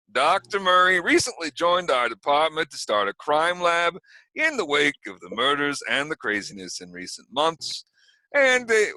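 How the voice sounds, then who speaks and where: Guy putting on a new york accent for a stiff small-town sheriff, bright tense voice, lively pitch, bone-dry sound. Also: no echo, full character voice. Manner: formal official apology. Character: gruff small-town male sheriff, formal and solemn. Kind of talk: voicing a character in a tabletop game.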